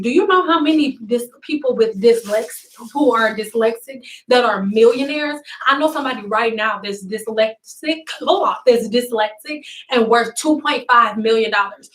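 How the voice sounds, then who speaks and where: A young woman gives her viewers an emphatic, repetitive pep talk that is laced with cussing. Her voice sits a little high. She sounds echoey and set back from the camera, as if she is recording in a room at home. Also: distant mic. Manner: emphatic, preachy, repeats herself, cusses. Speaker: beauty vlogger. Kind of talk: casual motivational talk to viewers.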